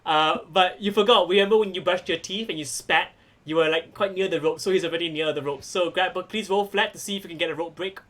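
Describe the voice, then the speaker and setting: A high-pitched man narrates a tabletop wrestling game as its game master. He is playful and laughs often. He stretches out the moves as he describes them. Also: fast talker, a bit bright.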